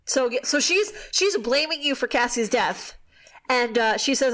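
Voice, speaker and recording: A woman with a slightly high voice hosts a casual podcast. She retells a story animatedly, tossing in quick asides and the occasional swear. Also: animated, fairly bright tone. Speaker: podcast host. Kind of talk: casual chat recapping a book.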